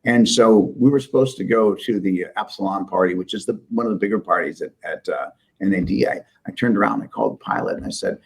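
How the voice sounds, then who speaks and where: A Midwest-raised businessman tells stories in a casual interview. His voice is husky and a bit low. He speaks emphatically and candidly, with a joking edge. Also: darkish tone, low-quality recording. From Midwest United States. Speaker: business owner guest.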